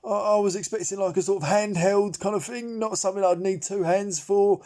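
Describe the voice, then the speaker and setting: A man's voice: high-pitched, fairly even intonation, fairly quick, a little mellow, lightly acted. A man playing Derek, a bumbling amateur chef, telling a rambling story full of restarts and fillers. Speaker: comedy character monologue. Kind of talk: improvised character monologue.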